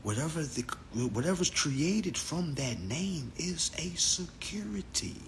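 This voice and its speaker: A young man hosting a casual livestream from a phone, talking in an animated, profane way and laughing often. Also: fairly high pitch, unhurried, a little hiss or hum. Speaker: livestream host.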